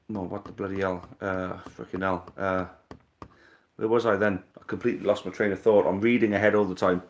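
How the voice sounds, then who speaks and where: A low-voiced Welshman hosts a casual live fan stream, reading viewer comments aloud and answering them bluntly, swearing casually as he goes.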